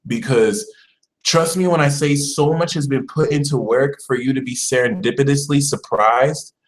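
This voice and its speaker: A man hosting a casual astrology live stream, talking in a chatty, animated way and putting on mock voices. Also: mid-range voice, moderate pace, poor audio. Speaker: astrology channel host.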